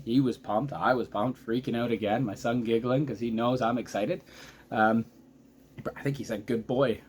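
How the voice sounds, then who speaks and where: Excitable man recapping a hockey game. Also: medium pitch, a little hiss or hum. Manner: excitable, chatty, loses track mid-sentence. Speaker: vlogger, hockey fan. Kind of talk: casual game recap commentary.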